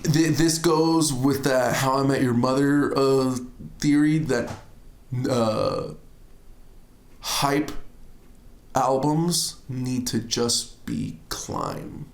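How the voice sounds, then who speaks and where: Gravelly, animated podcast host. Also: male voice, mid-range voice, drawn-out words, reverberant. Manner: animated storyteller, laughs often. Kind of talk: casual chat.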